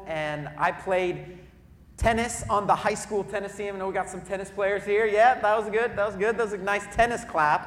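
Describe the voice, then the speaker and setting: A man preaching a sermon to a congregation in a church auditorium, telling lively stories and turning to the crowd with asides. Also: high voice, a little hiss or hum. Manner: lively storytelling with audience asides, loud bursts when acting out cheering. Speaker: pastor. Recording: echoey hall.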